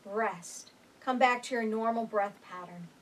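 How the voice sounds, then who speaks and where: Woman, breathing instructor, calm counting, unhurried delivery, distant mic. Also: on the high side, slight background noise. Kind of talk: guided chair breathing exercise. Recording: voice picked up from a distance.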